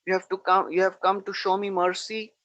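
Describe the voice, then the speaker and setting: A man's voice: high voice, normal speed, highs cut off, voice pushed up. A man voicing a divine young cowherd god who mockingly praises a humbled king, in a sarcastic tone. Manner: sarcastic, mock-flattering.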